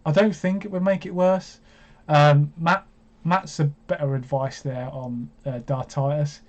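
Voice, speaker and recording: Man, 25, stream host; casual, self-mocking chatter, slightly high pitch, muffled lo-fi sound. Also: fairly even intonation, unhurried. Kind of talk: casual live stream chat. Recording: dull lo-fi stream audio.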